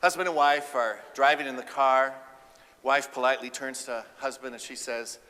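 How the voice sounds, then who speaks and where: Keynote speaker, man, comic delivery, bright and forceful tone, echo of a large hall. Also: mid-range voice, moderate pace. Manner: animated, acts out quotes with a raised voice. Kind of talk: humorous keynote talk.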